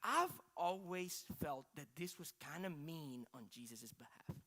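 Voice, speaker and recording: A male pastor giving a sermon in a casual, conversational way, questioning and animated. His voice is bright and forward, and it rises and falls in loudness as he tells the story. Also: on the high side, measured pace.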